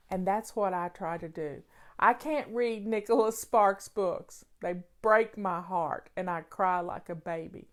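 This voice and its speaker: This home-organizing Q&A host speaks at a medium pitch. Her casual show has her sounding emphatic and folksy, returning again and again to key phrases.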